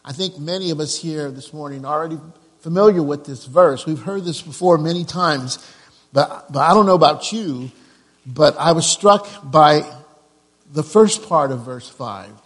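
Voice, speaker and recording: A man preaching a sermon as pastor, repeating key phrases with slow, deliberate emphasis. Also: on the high side, big-room sound.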